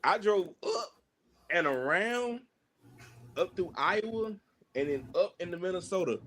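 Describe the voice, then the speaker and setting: Animated man telling road stories. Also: sits high, a little slow. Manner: animated, laughing, lively storyteller. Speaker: guest, pro wrestler. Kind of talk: casual storytelling chat.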